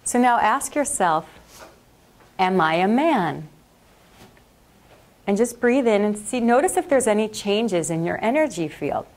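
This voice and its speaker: Woman leading a group meditation, slow soothing voice, mid pitch. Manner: slow, calm, soothing guidance. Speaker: workshop leader. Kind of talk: guided meditation. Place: classroom or workshop.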